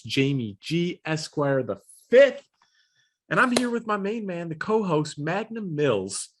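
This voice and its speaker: A man hosting a fan podcast, talking in an excited, jokey way. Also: fairly high pitch. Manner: hyped, jokey, enthusiastic. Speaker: podcast host. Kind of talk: casual podcast chat.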